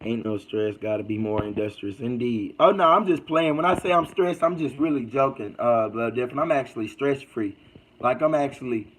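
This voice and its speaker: A man's voice: mid-range voice, normal speed, fairly bright tone, slight background noise, rough recording. A man hosting a casual livestream, reading out comments and preaching in a loose, slangy way. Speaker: livestream host.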